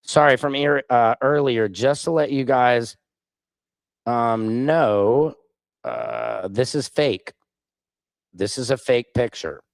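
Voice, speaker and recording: A man's voice: mid-range voice, expressive, takes it slowly, gravelly, long pauses, dry recording. A man hosting a live stream, reading chat comments aloud and answering them in a combative, sarcastic way. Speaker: livestream host.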